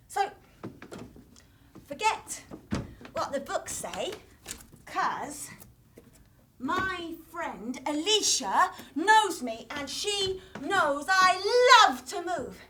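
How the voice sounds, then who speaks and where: A woman's voice: high voice, noisy background, heavily acted. A woman playing young Jack, an eager, restless boy who coaxes the audience to join in during interactive children's theatre.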